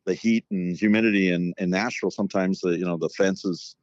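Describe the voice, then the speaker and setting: Deep-voiced and fairly even in intonation, this middle-aged ex-hockey coach talks briskly in a casual conversation. He spins long, meandering tales full of filler words, captured in a dry, lo-fi recording.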